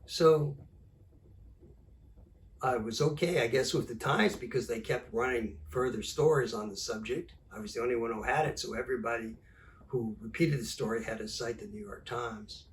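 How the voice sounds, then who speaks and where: An older man, a journalist, telling an animated anecdote and acting out the dialogue. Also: medium pitch, moderate pace, far from the mic, slight background noise. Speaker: journalist and author. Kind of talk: storytelling talk.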